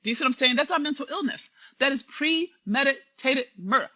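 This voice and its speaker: A woman's voice: high voice, brisk, sharp tone. A woman giving an impassioned, preachy live stream monologue, speaking straight to her listeners. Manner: preachy, emphatic, addresses listeners directly. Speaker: commentator. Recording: dull lo-fi live stream audio.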